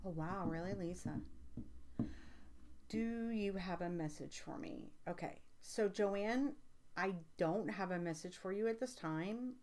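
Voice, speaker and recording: An American woman hosting a live stream as a psychic reader, chatting casually with viewers, rambling with many fillers and turning emphatic when excited. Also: mid-range voice, a little slow, a little hiss or hum. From United States. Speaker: livestream host and psychic reader. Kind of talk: casual livestream chat, answering viewer comments.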